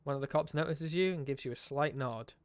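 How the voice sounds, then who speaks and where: A man's voice: fairly high pitch, brisk, clean tone, no echo. Man reading a game story aloud. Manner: expressive narration with wry asides. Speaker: streamer.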